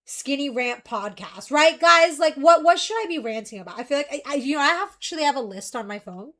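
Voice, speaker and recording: A young woman streamer chatting casually, rambling and ranting in an animated way. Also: high voice, a little fast.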